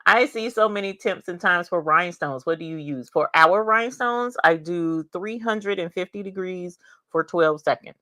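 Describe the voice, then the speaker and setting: Woman live-streaming, rambling chatty talk, bright forceful voice, dry close sound. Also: fairly low pitch, moderate pace, dry recording. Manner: chatty, rambling, greets and reads out viewer comments; animated, with bursts of laughter and cheering. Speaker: livestream host and crafter. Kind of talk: casual livestream chat. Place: home craft studio.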